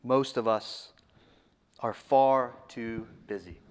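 A man preaching a sermon, repeating phrases for emphasis and often dropping to a low, hushed voice. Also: fairly even intonation, takes it slowly, smooth.

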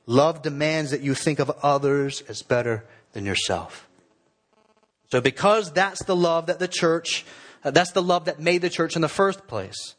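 A pastor preaching a sermon to his church in an earnest, exhorting way, slowing down to stress key phrases. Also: a little high, fairly bright tone.

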